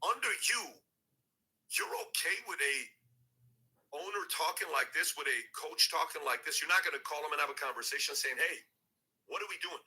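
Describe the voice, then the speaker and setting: Guy on a podcast ranting about sports, super bright voice, keeps asking pointed questions. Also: on the high side, brisk, low-quality recording. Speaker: podcast host. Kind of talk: opinionated sports talk.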